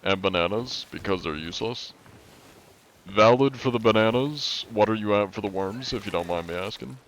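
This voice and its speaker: A young man with a slightly low voice chats casually while gaming on a live stream, speaking at normal speed and answering viewers' questions as they arrive. His manner is loose and easygoing.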